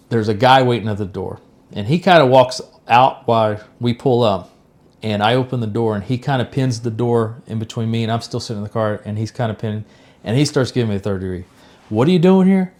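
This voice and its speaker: Man telling a lively story. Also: lowish voice, brisk. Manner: animated storyteller, acts out quoted lines. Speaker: podcast co-host. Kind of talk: casual storytelling.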